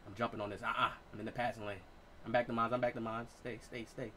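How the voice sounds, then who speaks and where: A man in his late twenties giving excitable, profane live gameplay commentary as a streamer, trash-talking. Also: mid-range voice, quick pace, slight background noise. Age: 20s. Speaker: gaming streamer.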